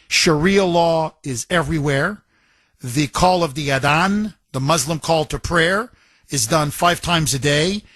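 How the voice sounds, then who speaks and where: A man hosting a talk radio show, his voice sitting high for a man and sounding close and dry at the studio mic. He drives a rapid, impassioned monologue and breaks into mocking impressions of the people he criticizes. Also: a bit bright, no room sound.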